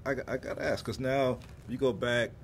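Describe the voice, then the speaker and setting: A man's voice: medium pitch, fairly even intonation, moderate pace, a little hiss or hum. A man interviewing film talent at a press junket, asking eager, fan-like questions.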